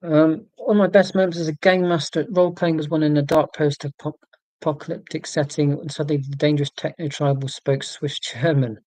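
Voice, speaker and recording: A man in his forties with an English accent from near London, hosting a casual livestream and answering viewer comments in a monotone, deliberately clear way. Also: a little high, no echo, rough recording. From England, near London. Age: 40s. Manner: monotone, careful and deliberate about being clear. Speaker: livestream host.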